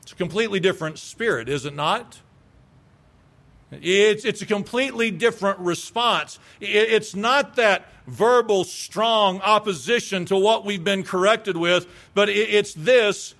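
Middle-aged guy preaching, high voice, punchy and emphatic, plays out little dialogues. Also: a little slow, gravelly, fairly bright tone. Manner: emphatic, acts out quoted replies. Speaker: pastor. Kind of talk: sermon.

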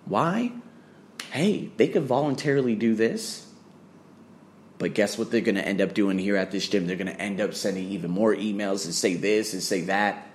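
A man's voice: on the low side, normal speed, a little hiss or hum. A man ranting bluntly to camera about business, swearing often and firing off rhetorical questions. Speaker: fitness trainer.

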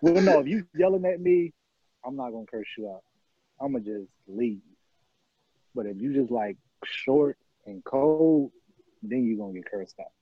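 A man's voice: mid-range voice, sing-song, normal speed, slightly rough, no echo, lo-fi sound. A man on a podcast panel talking casually, blunt and emphatic, repeating his points. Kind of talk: casual chat.

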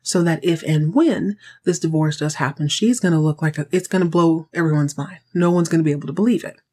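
A woman's voice: low voice, fairly quick, mellow. A woman hosting a podcast, recapping a TV episode in sassy, slangy, conversational chat. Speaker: podcast host recapping a TV show.

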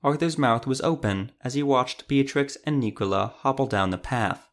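A man narrating a fantasy audiobook in a steady storytelling manner. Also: mid-range voice, moderate pace.

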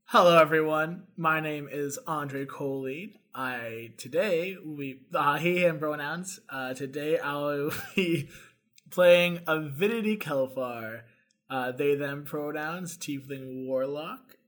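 A man joining a tabletop role-play session, excitable and joking. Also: fairly high pitch, takes it slowly. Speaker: player. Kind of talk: casual tabletop banter.

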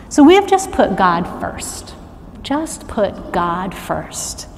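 Middle-aged woman giving a sermon, slow and lively, big church echo. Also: on the high side, slight background noise. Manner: animated, calls on the congregation to answer and repeat. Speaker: worship arts director preaching. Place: church sanctuary. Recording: long reverb of a large church hall.

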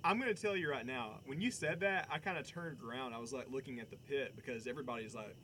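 A laid-back young man in casual conversation. He chimes in with easygoing remarks, keeping a friendly, unhurried tone. A faint hiss runs under the recording. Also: medium pitch, bright, forceful tone. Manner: laid-back, chiming in and laughing along. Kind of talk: casual chat.

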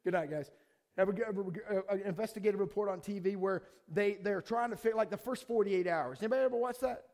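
Man, pastor, high voice, casual animated sermon delivery. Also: fast talker.

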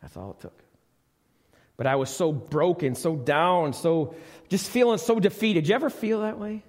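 A middle-aged man, his voice on the high side, speaks at a normal pace with animation as he preaches a conversational sermon. He questions the congregation in the church sanctuary, recorded live with long reverb.

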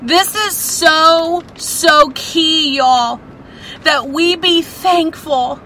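A woman's voice: sits high, extremely slow, sharp tone, slight background noise, low-quality recording. A woman teaching a women's Bible study, passionate and exclamatory.

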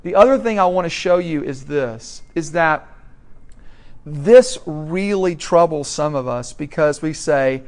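A man preaching a sermon in a conversational way, asking the congregation questions and moving between quiet and loud. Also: a little high, measured pace.

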